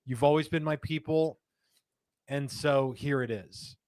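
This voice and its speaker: A man hosting a live stream, talking in a chatty, rambling and animated way. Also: fairly high pitch, measured pace, no echo. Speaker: host.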